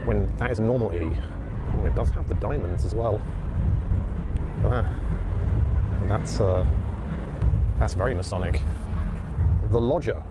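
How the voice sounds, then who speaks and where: A man's voice: lowish voice, measured pace, long pauses. A man walking a city street, pointing things out in a musing, hesitant way. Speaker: video narrator. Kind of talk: casual on-the-street commentary. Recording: outdoor field recording with traffic noise.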